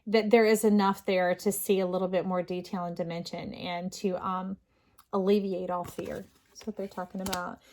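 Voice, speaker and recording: A woman's voice: lowish voice, flat delivery, moderate pace, a little mellow. A middle-aged woman doing a casual tarot reading, earnest and rambling, with restarts and fillers. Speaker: tarot reader.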